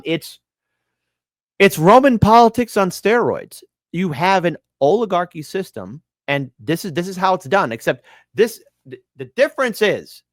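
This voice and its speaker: A man's voice: on the high side, no room sound, studio quality. A male political commentary host, sarcastic and informal, who repeats his phrases for emphasis. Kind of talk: casual opinion commentary.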